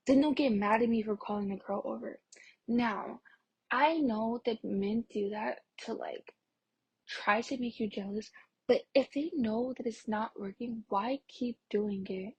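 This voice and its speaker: Young woman vlogger, super breathy kinda whispery voice, says like a lot, soft and fed up. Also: fairly high pitch, moderate pace, muffled recording. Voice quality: breathy, often half-whispered. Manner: soft-spoken, frequent "like" fillers, exasperated. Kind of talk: casual vlog rant.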